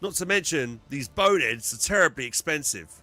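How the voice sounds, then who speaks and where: A man voicing a gruff, cynical male imperial soldier, reading game dialogue aloud in a curt, dismissive way. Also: fairly high pitch, lively intonation, brisk, pushed and bright, soft background music, pitched above the performer's own voice.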